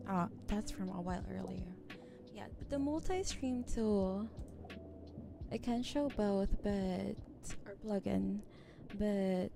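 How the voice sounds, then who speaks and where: Soft, giggly woman streamer, slightly high, very slow, close mic, clear music bed underneath. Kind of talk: soft-spoken ASMR stream chat. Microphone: close ASMR microphone. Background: background music.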